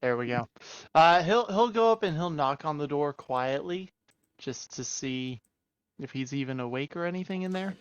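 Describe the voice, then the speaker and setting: A man playing a character in a tabletop game, speaking hesitantly and gently. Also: fairly high pitch, lively intonation, normal speed, smooth, dry recording. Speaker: player. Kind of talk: tabletop role-play. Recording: dry, dull lo-fi mic.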